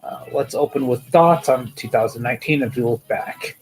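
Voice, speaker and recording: A man's voice: medium pitch, normal speed, rough recording. A man hosting a casual toy news show, rambling and hesitant, with many fillers, tired and yawning. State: sleepy, yawning.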